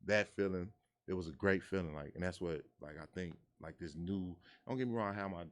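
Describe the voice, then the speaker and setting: Deep-voiced fast-talking Chicago man. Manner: animated storyteller, acts out quotes in a high voice. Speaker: guest. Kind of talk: casual chat.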